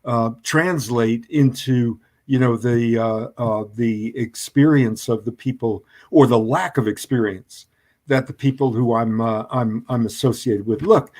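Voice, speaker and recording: A man speaking as a guest in a discussion, who talks haltingly with many hesitations and restarts. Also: medium pitch. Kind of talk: conversational debate.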